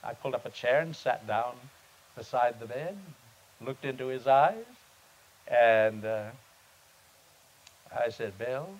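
A man's voice: mid-range voice, dull audio. Earnest male pastor telling a story. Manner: earnest, unhurried, halting storyteller. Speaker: pastor and seminar speaker. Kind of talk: sermon-style teaching with storytelling. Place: seminar meeting.

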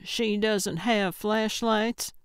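A woman narrator voicing an older woman amateur detective, stubborn and deadpan. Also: medium pitch, drawn-out words, clear, resonant tone, no echo, clean studio sound. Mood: dry. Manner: deadpan, sarcastic.

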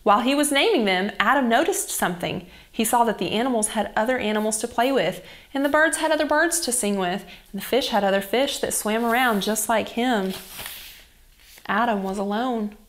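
A young woman reading a Bible story to children as a children's church teacher, in a gentle and expressive storytelling manner. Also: a little high, moderate pace.

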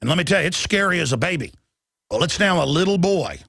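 A gravelly-voiced man rants through a political talk radio monologue, his voice pitched a little high and pressing forward with a tense, sharp edge. He hammers his points with emphasis and breaks into sudden loud bursts. The sound is close and dry, with no room around it. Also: animated, fast, dry recording. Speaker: radio and web show host.

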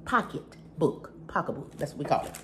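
A middle-aged woman with a Southern American accent and a notably low voice talks through a home haul vlog. She is chatty and emphatic and speaks straight to her viewers, with a faint ambient hum behind her. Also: unhurried. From Southern United States. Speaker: channel host.

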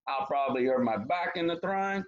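A man voicing a sly, lazy trickster crawfish who coaxes and flatters, dropping Cajun French words in a storybook reading. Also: medium pitch, a little fast, highs cut off, lightly acted. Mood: flattering.

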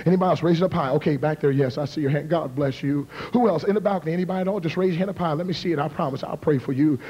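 A man in his thirties preaching a revival sermon and leading an altar call, swinging from hushed whispers to shouted appeals. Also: a little high, very fast, breathy edge, muffled recording. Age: 30s. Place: large church with balcony. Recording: long reverb of a large hall.

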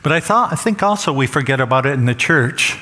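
A man's voice: mid-range voice, expressive, a little fast, bright, forceful tone. A man preaching a sermon as pastor, emphatic and repeating phrases for stress. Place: church sanctuary. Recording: long church hall reverb.

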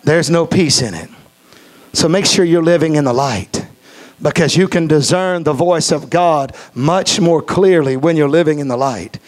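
A man preaching a sermon as pastor, talking emphatically and repeating key phrases. He slows to a measured, deliberate cadence when running through a list. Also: a little high.

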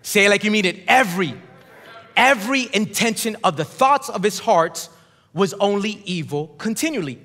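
High-voiced preaching man in reverberant hall. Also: a bit bright. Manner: emphatic preaching, calls for congregation responses. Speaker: pastor. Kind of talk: sermon. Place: large church auditorium.

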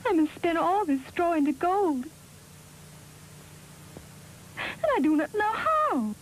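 A woman's voice: high voice, expressive, a little fast, warm tone, a little hiss or hum, voice pushed up. A woman voicing a poor miller's young daughter who weeps and pleads in a storybook reading. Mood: distressed. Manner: weeping, pleading.

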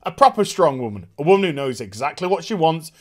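Dude ranting about a tv show, swears a lot, high voice that jumps around. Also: male voice. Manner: animated, profane, quick impressions. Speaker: TV show reviewer. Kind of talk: casual review commentary.

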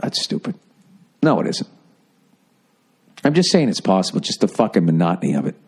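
A man's voice: low-pitched, sing-song, brisk, husky. A middle-aged man hosting a comedy podcast, ranting with lots of swearing and slipping into mocking voices. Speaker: podcast host.

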